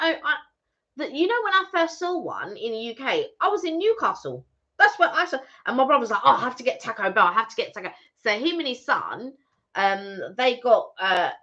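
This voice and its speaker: Chatty, animated woman co-hosting a stream. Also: high-pitched. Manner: chatty, rambling storyteller with many restarts. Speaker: co-host of a live stream. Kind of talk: casual live-stream chat. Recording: slightly muffled lo-fi stream audio.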